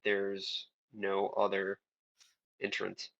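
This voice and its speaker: Man, game master, hesitant, flat low voice, dull lo-fi sound. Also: drawn-out words, vocal fry. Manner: hesitant, lots of um and like. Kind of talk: narrating a tabletop game.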